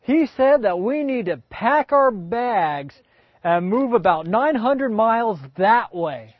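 A man's voice: very high-pitched, expressive, takes it slowly, dry recording, voice pushed up, exaggerated voice. A man voicing Abraham, an eager old man bursting with news, in a dull, dry recording. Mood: excited. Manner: eager, announcing.

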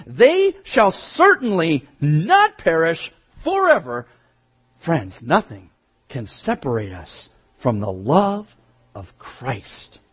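A male pastor preaching a sermon, moving from quiet asides to emphatic raised declarations. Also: very high voice, breathy edge, muffled recording.

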